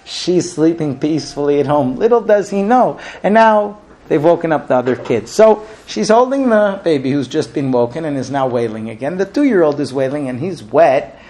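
A man with a fairly high voice tells a story with lively, expressive delivery. His voice swings up and down as he acts out the scenes and sound effects. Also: moderate pace, few pauses. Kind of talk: animated storytelling.

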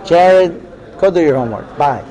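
A man's voice: fairly high pitch, lively intonation, moderate pace, natural voice, rough recording. A man voicing a stern middle-aged father in a story he tells. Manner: gruff refusals, then gentle giving in.

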